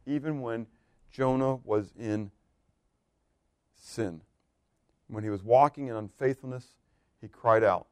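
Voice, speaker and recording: A man's voice: mid-range voice, takes it slowly, long pauses, dry recording. Man preaching a chatty, dry-sounding sermon. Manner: conversational, rhetorical questions, laughs. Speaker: pastor.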